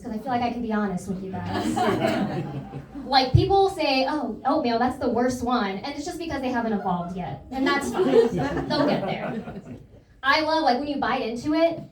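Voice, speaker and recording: Young woman doing deadpan standup, highish voice, roomy club sound with a loud crowd laughing. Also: distant mic. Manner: deadpan self-deprecating delivery. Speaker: stand-up comedian. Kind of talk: stand-up comedy set. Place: comedy club stage. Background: audience laughter.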